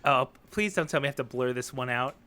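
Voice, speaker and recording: A man's voice: mid-range voice, fast talker, sharp tone, clear, resonant tone. A man co-hosting a podcast, chatting casually and playfully, laughing often and padding sentences with "like". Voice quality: playful, giggly, trails off with "like". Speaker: podcast co-host. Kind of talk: casual movie-riffing chat.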